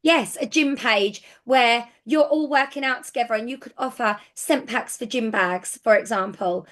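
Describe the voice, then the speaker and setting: A woman giving casual business coaching as a sales team leader, chatty and excitable with frequent restarts. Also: fairly high pitch, normal speed.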